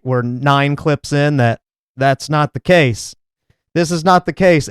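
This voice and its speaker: A man's voice: on the high side, clear, resonant tone, no echo. A man hosting a commentary podcast, talking in a casual, sarcastic and mocking way. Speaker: podcast host and critic. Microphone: studio mic. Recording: dry close-mic sound.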